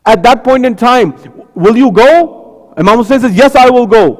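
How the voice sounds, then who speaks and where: A man delivering a mosque sermon, slowing and dropping low for quoted lines and rising into a high mournful lament at the climax. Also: animated. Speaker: speaker at a mosque majlis. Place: large mosque hall. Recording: long hall reverb.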